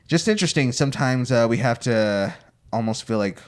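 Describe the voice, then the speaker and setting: A man's voice: medium pitch, animated, fairly quick, smooth. A young man hosting a podcast, chatty and playful as he sets up hypothetical scenarios. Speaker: podcast host. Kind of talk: casual podcast chat.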